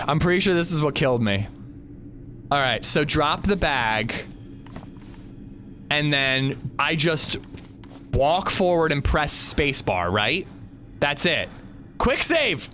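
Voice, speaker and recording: Male streamer, anxious and jittery, pitch leaping all over, faint noise behind. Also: bright, forceful tone. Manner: anxious, jittery, talking himself through it. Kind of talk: live gameplay commentary.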